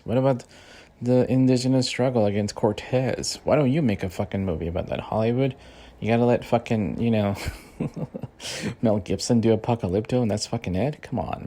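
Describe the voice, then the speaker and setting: A man with a lowish, gravelly voice vents in a loose, heated rant. He swears constantly and strings thoughts together with fillers, sounding like an unscripted host talking straight to his audience. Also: mellow. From Mexican-American. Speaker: podcast host. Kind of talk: profane casual rant.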